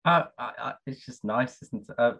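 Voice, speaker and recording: A man co-hosting a podcast, speaking in a low-key, hesitant way. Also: normal speed, a bit bright, lo-fi sound. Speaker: podcast co-host. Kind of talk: casual chat.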